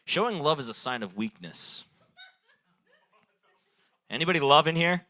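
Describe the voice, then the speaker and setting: A young man riffs through loose, rambling crowd work at an open mic on a small bar stage, cursing and laughing at his own jokes into a handheld stage mic. His voice sits on the high side with lively intonation and a sharp tone, and he talks a little slowly. The recording has no echo.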